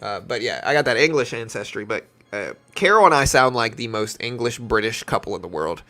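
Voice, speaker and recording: A man's voice: medium pitch, lively intonation, a little fast, pushed and bright. Chatty man with a light South Louisiana accent. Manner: chatty, answers viewer chat while calling market moves. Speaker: live-stream trading host. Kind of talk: casual live-stream commentary.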